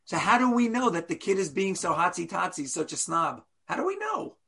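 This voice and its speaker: A man teaching a class as a rabbi, animated, full of rhetorical questions and playful asides. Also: sits high, brisk, gravelly, breathy edge.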